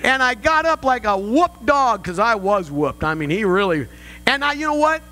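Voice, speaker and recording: A man's voice: very high voice, big pitch swings, normal speed, sharp tone, poor audio. An older male pastor preaching a sermon, telling family stories with humor and rising emphasis. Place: church sanctuary.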